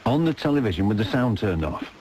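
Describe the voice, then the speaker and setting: A man's voice: lowish voice, big pitch swings, fast talker, a little mellow, a little hiss or hum, rough recording. A man hosting a late-night radio phone-in, teasing callers and telling jokes with relish.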